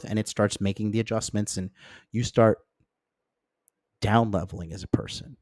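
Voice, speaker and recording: A man's voice: moderate pace, no room sound, studio quality. A man hosting a livestream of dating advice, talking bluntly and with profanity, checking in with the chat and acting out friends in mocking voices. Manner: acts out friends and exes in mocking higher voices. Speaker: host.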